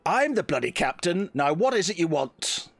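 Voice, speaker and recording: A blustering, gruff ship captain, voiced by a man, pitched up above a normal speaking voice. He swears freely and sounds loud and put-upon. The sound is dry and close. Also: big pitch swings, moderate pace, dry recording, soft background music, exaggerated voice. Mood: impatient.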